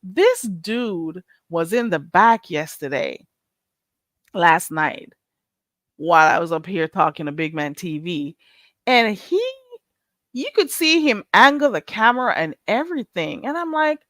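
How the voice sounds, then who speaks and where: A woman's voice: medium pitch, animated, a little slow, fairly bright tone, no room sound. A woman hosting a casual livestream, talking bluntly and animatedly with bursts of laughter. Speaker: livestream host.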